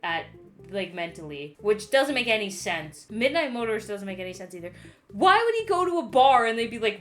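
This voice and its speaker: A woman's voice: mid-range voice, big pitch swings, a little fast, fairly bright tone. Tipsy woman ranting in exasperation. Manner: exasperated, rambling, swearing, frequent laughter and stammered restarts. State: drunk. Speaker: YouTube host explaining game lore. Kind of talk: casual rambling chat.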